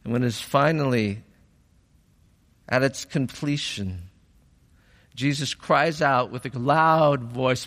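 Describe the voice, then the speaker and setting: This sermon comes from a man whose medium-pitched voice has a fairly bright tone. Unhurried and pausing between phrases, he moves from reflection into fervent emphasis, his voice echoing with long reverb as though in a big hall.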